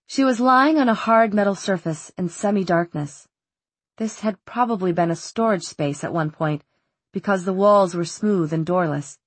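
A woman narrating a novel in a measured, steady way, on a close studio mic. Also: medium pitch, no room sound. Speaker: audiobook narrator. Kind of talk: scripted narration.

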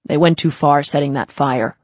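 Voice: medium pitch, moderate pace, dry recording, lightly acted. A narrator voicing a weary young gang leader in his twenties who speaks in a cold growl. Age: 20s.

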